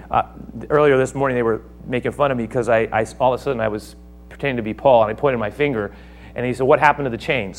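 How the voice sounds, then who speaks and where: A man preaching a sermon, acting out the speakers of his text with sudden loud outbursts. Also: mid-range voice, fast. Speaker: pastor.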